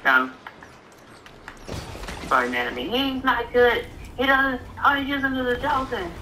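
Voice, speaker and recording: Young man, gamer, playful teasing, show-off, animated pitch, background noise. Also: moderate pace, rough recording. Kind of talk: casual chat while gaming.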